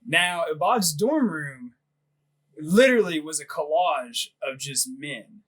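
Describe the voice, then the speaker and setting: A man's voice: on the high side, animated, slow, a bit bright, rough recording. Laughing, rambling man telling a story. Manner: laughing, profane, rambling with lots of "like". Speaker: podcast host. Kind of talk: casual storytelling chat.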